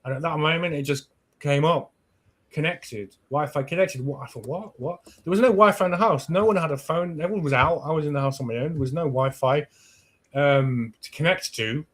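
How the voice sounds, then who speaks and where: A man with a British accent, a podcast host who chats casually and tells stories with lively swearing. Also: a little high, brisk. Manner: animated, swears freely, acts out his own past thoughts. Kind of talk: casual chat, storytelling.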